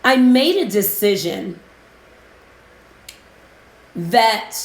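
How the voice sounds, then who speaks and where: A woman hosts a live business-coaching stream and talks to her viewers in a chatty way. She sounds emotional and close to tears as she talks. Her voice sits at a middle pitch and carries a roomy echo. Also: moderate pace. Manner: chatty, gives shout-outs. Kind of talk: casual live-stream talk.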